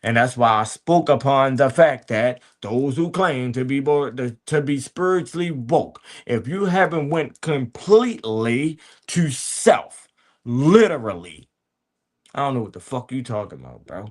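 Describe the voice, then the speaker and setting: A man's voice: medium pitch, lively intonation, measured pace. A man hosting a podcast, giving a blunt, profane motivational talk full of street slang and repeated asides to his listeners. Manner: blunt and profane, preachy street talk with many "you hear me". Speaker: podcast host. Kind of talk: casual motivational monologue.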